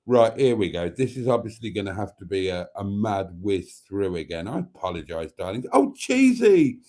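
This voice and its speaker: Mellow-voiced man chatting on a live stream. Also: low-pitched, a little fast. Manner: rambling, chatty, self-deprecating, swears mildly. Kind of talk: casual live stream chat reading viewer comments.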